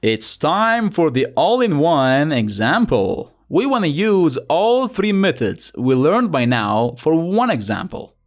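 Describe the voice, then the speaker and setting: Young male tutor, chatty and playful, slightly high voice with lively swings, over light music. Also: slow pace, hardly any pauses. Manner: playful, chatty, asks rhetorical questions. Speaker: language teacher. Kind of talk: scripted lesson narration.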